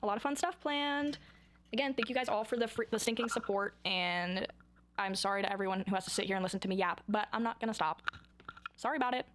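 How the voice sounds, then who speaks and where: A young woman talking in a casual vlog, rambling and excitable with dramatic outbursts. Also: mid-range voice, quick pace. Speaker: vlogger.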